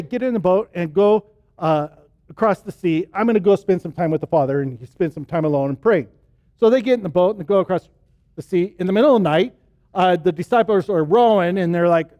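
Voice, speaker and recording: A middle-aged male pastor giving a conversational sermon, checking in with the congregation and retelling scenes with quick acted-out quotes. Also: sits high, a little mellow, no room sound.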